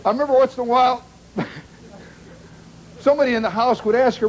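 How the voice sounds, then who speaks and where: A middle-aged man telling a rambling comic story to a live audience, wry and animated, with dramatic pauses and sound effects. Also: very high voice. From Indiana, United States. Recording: 1970s live recording with noisy audience.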